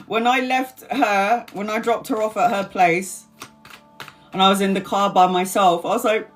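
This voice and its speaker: A woman's voice: medium pitch, steady tone, measured pace, long pauses. Chatty woman in her forties, self-mocking live-stream host; faint music under her. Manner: chatty, self-mocking, swears, laughs often. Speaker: tarot reader live-streaming. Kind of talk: casual live-stream chat.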